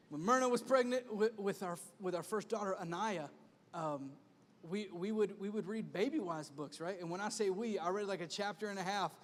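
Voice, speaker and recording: A man in his thirties preaches in a high, animated voice, returning again and again to a repeated refrain. He talks to the congregation in a conversational way. His voice rings with the long reverb of a large church hall. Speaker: pastor. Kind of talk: sermon.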